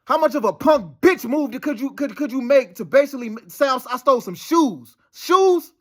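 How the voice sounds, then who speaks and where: A man pours out a rambling, profane monologue that stays heated and insistent. His voice sits high for a man. He talks quickly. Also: a bit bright. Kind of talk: casual monologue.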